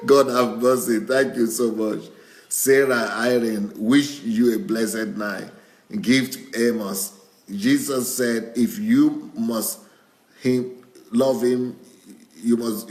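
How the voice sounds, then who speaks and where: A man, a pastor, reading out viewer comments and chuckling often as he goes. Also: medium pitch. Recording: roomy echo.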